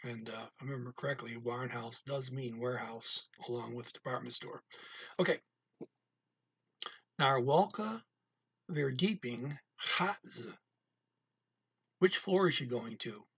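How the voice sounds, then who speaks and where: A man's voice: a little slow, pauses often, breathy edge, no echo. A man teaching a language lesson in a casual way, explaining phrases word by word and repeating example sentences. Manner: reads target-language lines louder and higher. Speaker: language tutor.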